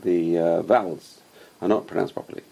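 A man's voice: deep voice, fairly even intonation, moderate pace, gravelly, dark tone, slightly rough. A man, a rabbi, teaching a class and explaining patiently with many examples and questions.

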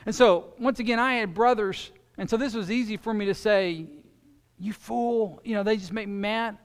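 A man preaching a sermon as pastor, swinging between loud emphatic stretches and quiet, intense ones. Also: sits high, brisk, clean tone. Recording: long reverb of a large hall.

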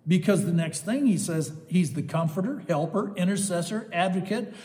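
Older male preacher, a bit high-voiced, ringing in a reverberant hall, emphatic with sudden quiet asides. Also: expressive, moderate pace. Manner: emphatic, swings between loud rising exclamations and soft asides. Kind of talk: sermon.

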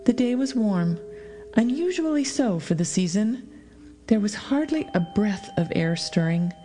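Woman narrator, mellow warm tone, expressive storytelling, dramatic pauses, audiobook reading. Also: fairly high pitch. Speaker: audiobook reader. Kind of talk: scripted narration.

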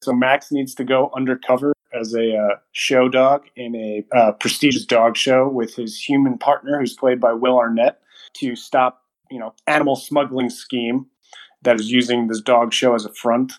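A young man chats loosely through a movie review on a podcast. He laughs a lot and puts on little voices for quoted lines, and his voice sits at an ordinary middle pitch. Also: normal speed, poor audio. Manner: animated storyteller, acts out quotes, laughs often. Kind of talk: casual chat.

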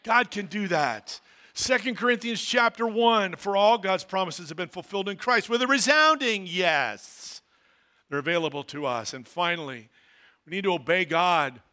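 Pastor guy preaching, high bright voice, gets loud then drops way down. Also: animated, moderate pace. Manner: preaching, swings from loud declarations to quiet asides. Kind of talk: sermon. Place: church hall.

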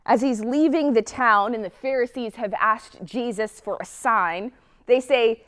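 A woman's voice: a little high, measured pace. A woman preacher giving a sermon, earnest and reflective, often asking the listener rhetorical questions.

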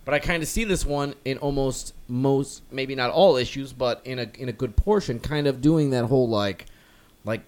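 A man's voice: mid-range voice, moderate pace, a little mellow. A man co-hosting a comic book podcast, talking casually and rambling with many fillers and restarts. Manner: rambling, lots of "like" and restarts, acts out characters loosely. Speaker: podcast co-host.

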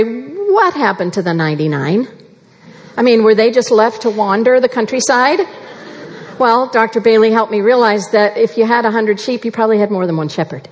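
A woman preaching a sermon in an earnest, measured way, slowing down to stress key phrases. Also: on the high side, breathy edge. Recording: long reverb of a large hall.

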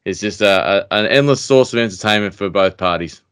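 A man's voice: on the low side, a little fast, a bit bright, smooth, no room sound, clean studio sound. A man hosting a podcast, joking and teasing his guests over a video call. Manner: jokey, teasing. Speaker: podcast host.

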